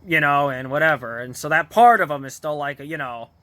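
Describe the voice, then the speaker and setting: A man's voice: fairly high pitch, fairly quick, a bit bright, no echo. A man vlogger casually retelling a TV episode in a rambling way, full of fillers, restarts and small chuckles. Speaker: vlogger reviewing a TV show.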